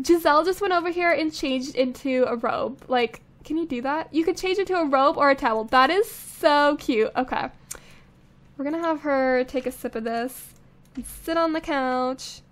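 Young female host, bright high register, easygoing running game commentary with small laughs; clean close-mic sound. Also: moderate pace. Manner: chatty, thinking aloud, frequent little laughs. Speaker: let's play host. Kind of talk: casual gameplay commentary. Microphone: studio condenser microphone.

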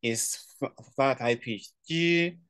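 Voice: medium pitch, expressive, normal speed, no echo. A Chinese tutor on a video call, giving a casual online language lesson, playful, laughing often and repeating words for drill.

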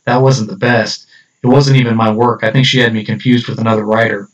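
A bewildered dead writer, read by a man in a flat, plain voice. The recording is muffled and lo-fi, the mic well away from him. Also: on the low side, brisk, close to an everyday voice. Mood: uneasy. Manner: plain read-aloud dialogue. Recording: dull distant lo-fi recording.

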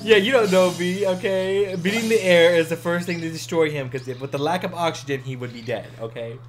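A gaming video host giving let's play commentary, excitable, breaking into shrieking laughs and shouts. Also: mid-range voice, fairly quick, a crowd in the background. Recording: loud background music.

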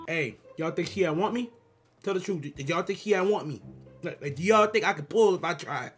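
Brief: excitable gaming host, high bright voice, slangy and jumpy, faint music underneath. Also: male voice, brisk. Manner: excitable, slangy, talks to viewers, reads game dialogue aloud. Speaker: gaming YouTuber. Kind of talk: casual horror game commentary.

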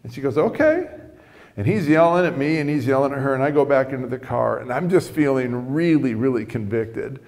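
A man's voice: mid-range voice, brisk, few pauses, darkish tone, big-room sound. A man preaching a sermon, telling a story conversationally with frequent restarts.

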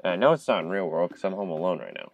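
A man's voice: deep voice, very animated, very fast, vocal fry, rough recording. Jumpy man gaming on a headset at home. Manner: jumpy, talks to viewers, loud startled outbursts. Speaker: gamer streaming a horror game. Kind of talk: casual horror game commentary.

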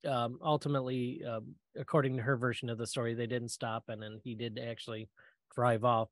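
Animated storytelling man, dry close sound. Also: mid-range voice, no echo. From Michigan, US. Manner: animated, acts out quoted voices, many fillers. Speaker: guest speaker. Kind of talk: storytelling talk.

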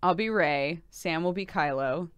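A woman's voice: on the low side, measured pace, clean tone, no room sound. A young woman streaming a game, chatting casually with her viewers, reading their messages aloud and laughing often.

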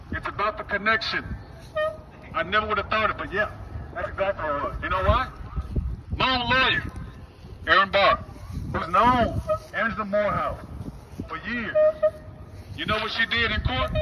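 Angry father addressing the camera outdoors, mic set far back. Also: high-pitched. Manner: emphatic, repeating short phrases, asking rhetorical questions. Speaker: father protesting a custody case. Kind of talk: impassioned outdoor speech to camera. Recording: distant mic with loud wind noise.

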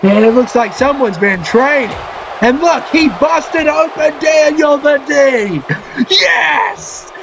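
A man who is a parent, commentating a wrestling video game with excitement, often shouting and cheering. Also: extremely high pitch, measured pace, creaky, highs cut off, a crowd in the background, background noise. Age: adult, a parent. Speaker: gaming channel host. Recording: loud game music underneath.

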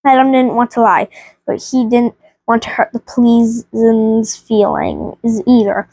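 A woman's voice: fairly high pitch, flat delivery, slow, a little mellow, husky, dry recording. A woman hosting a family vlog, reading a children's book aloud with frequent stumbles and restarts.

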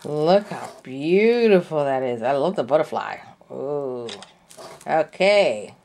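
Speaking slowly in a low, animated voice with a darkish tone, a craft vlogger unboxes her supplies in a casual chat. Every item draws gushing praise, breathy gasps, and exclamations of delight.

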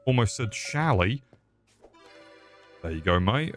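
A man's voice: on the low side, lively intonation, a little slow, soft background music. A man streaming a game with casual, crude, joking commentary and frequent swearing.

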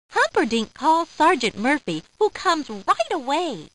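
A woman's voice: sits high, very animated, a little slow, rough recording. A woman narrating a children's storybook, playfully acting out the characters' lines.

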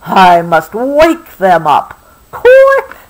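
A woman's voice: lowish voice, sing-song, takes it slowly, heavily acted, poor audio. A mom reading as a grumpy loner man. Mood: dismayed. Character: grumpy reclusive man who wants to be alone.

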